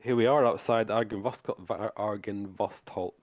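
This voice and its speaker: A man narrating as game master of a tabletop game on a live stream, relaxed and halting with many restarts. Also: lowish voice, no echo.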